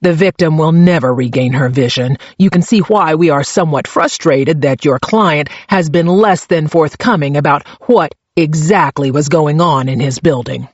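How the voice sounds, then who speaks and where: A man voicing a calm, pleasant senior female police investigator who speaks in a measured, quietly pointed way. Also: on the high side, dry recording, lo-fi sound, natural voice.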